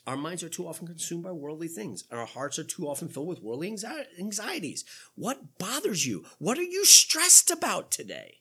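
A man in his fifties delivering a sermon in a church, his voice high and bright with a slightly husky edge. He keeps it loose and conversational and asks the congregation rhetorical questions, his pitch swinging widely as he goes. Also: huge pitch swings, a little fast. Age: 50s. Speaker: pastor.

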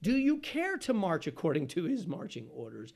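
A man preaching a sermon as pastor, asking the congregation questions and swinging from loud exclamations to hushed asides. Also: on the high side, huge pitch swings, moderate pace, vocal fry.

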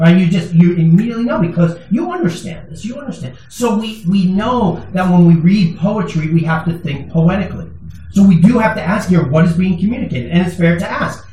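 In a church sanctuary, a male pastor preaches in a conversational, emphatic way, slipping in some humor. His high-pitched voice is animated and mellow, moving at a normal speed. Captured from afar in a reverberant room, the audio carries a slight hiss or hum.

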